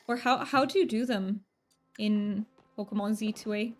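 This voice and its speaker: A woman's voice: mid-range voice, normal speed, soft background music. A woman streamer chatting casually while she plays, rambling with fillers and restarts. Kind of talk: casual gaming stream chat.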